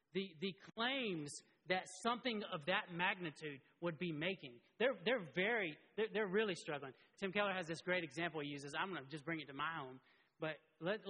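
A man preaching a sermon as pastor, impassioned and climbing to high emotional peaks as he tells stories and reads scripture. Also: sharp tone, slightly rough. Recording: long hall reverb.

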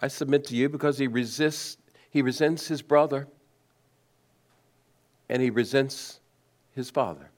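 Preaching at an unhurried pace with frequent pauses, this male pastor asks rhetorical questions. His delivery swings from high emphasis down to low, hushed stress.

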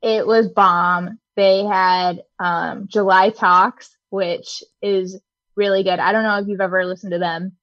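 A woman's voice: mid-range voice, little pitch movement, a little slow, fairly bright tone, no echo, lo-fi sound. A woman in her thirties co-hosting a podcast in casual chat, laid-back and full of fillers. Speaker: podcast co-host.

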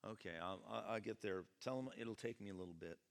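A man preacher voicing an imagined blind male beggar, speaking in quiet, resigned tones inside a reverberant hall. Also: on the low side, fast talker, creaky, pitched below the performer's own voice.

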